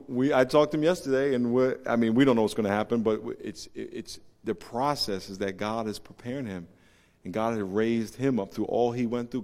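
A male pastor giving a sermon, swinging between low, confiding storytelling and loud, emphatic preaching. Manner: storytelling with laughs and acted quotes. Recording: long hall reverb.

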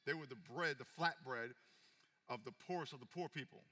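A man preaching a sermon as pastor, swinging from hushed, intimate passages to loud calls for an amen. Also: mid-range voice, moderate pace, long reverb tail.

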